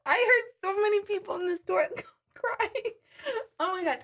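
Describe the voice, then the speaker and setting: A woman's voice: very high-pitched, moderate pace, fairly bright tone. A woman hosting a casual live chat with viewers, breaking into laughing fits, tired, apologizing and swearing as she tells a story. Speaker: livestream host.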